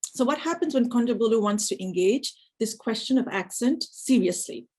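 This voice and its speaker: Husky woman giving an academic lecture. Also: a little high, expressive, normal speed, a little mellow, rough recording. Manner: thoughtful, with frequent "you know" fillers.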